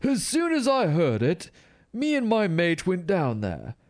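A man's voice: high voice, huge pitch swings, unhurried, pitched above the performer's own voice, heavily acted. A man voicing a posh young male English raver in a put-on upper-class English accent, reading with exaggerated plummy flair. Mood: mock-posh.

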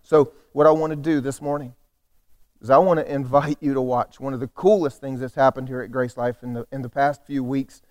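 A man's voice: medium pitch, level tone, a little fast. A male pastor delivering a sermon with emphatic, repetitive phrasing that builds toward calls for the congregation to respond.

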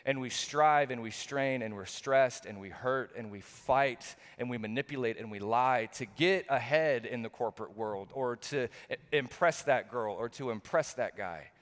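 A man's voice: mid-range voice, moderate pace, hardly any pauses. A middle-aged male pastor preaching a sermon, earnest and repetitive, full of rhetorical questions. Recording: long hall reverb.

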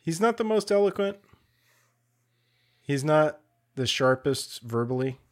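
A man co-hosting a podcast, talking politics in a laid-back, drawn-out way, swearing casually and reaching for sports analogies. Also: a little high, animated.

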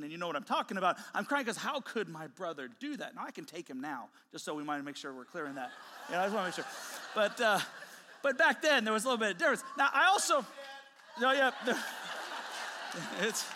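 A man preaching a sermon to a congregation, lively and joking, often laughing. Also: high voice. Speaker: pastor. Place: church hall with a congregation. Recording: reverberant church hall.

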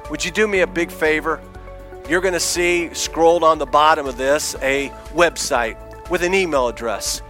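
A man preaching an impassioned evangelistic sermon as a pastor in a church, swinging between shouts and hushed near-whispers. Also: fairly high pitch, moderate pace, faint music behind.

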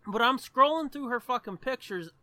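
High, bright-voiced man in animated banter. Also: moderate pace, no echo. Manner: animated, swears a lot, rambling. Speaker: podcast co-host. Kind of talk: casual chat.

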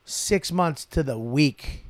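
A man's voice: fairly high pitch, slow, no echo. A man, a comedian telling a profane story in casual chat. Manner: profane, animated, loud storyteller. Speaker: guest comedian.

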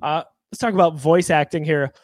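A man's voice: fairly high pitch, fairly even intonation, fairly quick, no room sound. An enthusiastic man co-hosting a casual gaming podcast, talking upbeat about a new movie. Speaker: podcast co-host.

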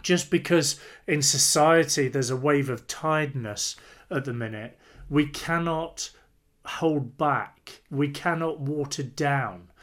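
Male preacher, earnest and emphatic, slightly high-pitched voice. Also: slow, fairly bright tone. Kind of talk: sermon.

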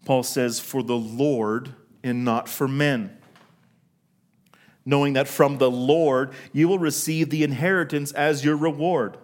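A middle-aged man preaching a sermon to a congregation, telling a story from his own working life and slowing down to stress key words. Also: mid-range voice, steady tone. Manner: storytelling, asks the congregation questions, slows for emphasis. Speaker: pastor.

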